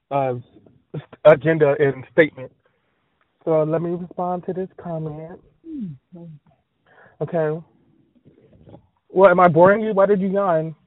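Man, high voice, rambling and scattered, tinny dry phone-like sound. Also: no room sound. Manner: scattered, full of fillers and trailing asides. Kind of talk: rambling monologue.

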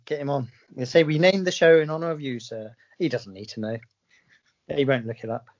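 A man's voice: medium pitch, brisk. A man from England with a southern English accent, co-hosting a podcast in casual chat and playfully acting out the voices in his stories. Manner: playful storyteller, acts out voices in anecdotes. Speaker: podcast co-host. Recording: slightly dull lo-fi sound.

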